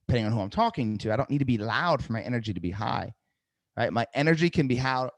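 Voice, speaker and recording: A middle-aged man runs a live sales-training webinar, direct and full of energy. He keeps tagging his points with quick check-ins. His voice sits at a middle pitch, recorded close and dry with no room sound. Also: no room sound. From New Jersey. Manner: energetic, direct, coaching tone with many "right?" tags.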